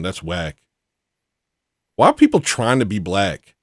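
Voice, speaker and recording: Lively, rambling livestream host. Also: male voice, fairly low pitch, normal speed, no room sound, clean studio sound. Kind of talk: rambling comedic livestream rant.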